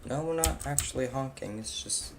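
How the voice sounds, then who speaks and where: A man's voice: mid-range voice, moderate pace, noisy background. Rambling young man streaming a game. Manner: rambling, talks to his cat and himself. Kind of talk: casual live-stream gaming chat. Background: keyboard clicks and typing.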